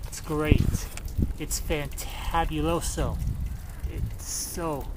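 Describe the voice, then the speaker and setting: A man with a fairly high voice gives an excitable, foul-mouthed running commentary while he films lightning from under a shelter. He taunts the storm with every flash. Steady rain noise is loud on the handheld camera recording. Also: drawn-out words. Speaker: vlogger filming a storm. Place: outdoors under a shelter in a rainstorm.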